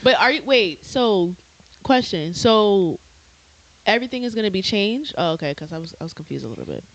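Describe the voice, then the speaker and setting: A woman's voice: mid-range voice, lively intonation, a little fast, dull audio. Brief: female co-host, teasing, chimes in with agreement. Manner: teasing, frequent affirming murmurs. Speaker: podcast co-host. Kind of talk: casual chat.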